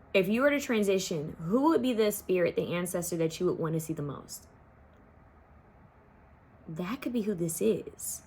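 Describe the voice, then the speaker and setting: A young woman giving an intuitive pick-a-card tarot reading, talking casually to her viewers and half-singing song lyrics as she goes. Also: medium pitch. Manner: chatty, addresses viewers as y'all, half-sings song lyrics.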